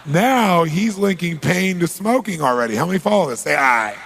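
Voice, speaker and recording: A man giving a live seminar as a motivational speaker. He tells stories in a raspy voice and shouts animatedly when he reenacts scenes. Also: on the high side, lively intonation, normal speed, a little hiss or hum. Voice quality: raspy, gravelly.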